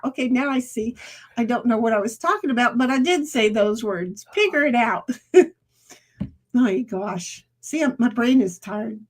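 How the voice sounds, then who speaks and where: A woman's voice: on the high side, normal speed. A woman streamer chatting casually with her viewers, rambling and laughing often. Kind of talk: casual live-stream chat.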